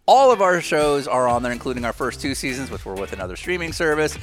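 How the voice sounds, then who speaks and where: A man's voice: mid-range voice, sing-song, fast. A man hosting a podcast, joking loosely through chat and a sponsor read. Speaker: podcast host.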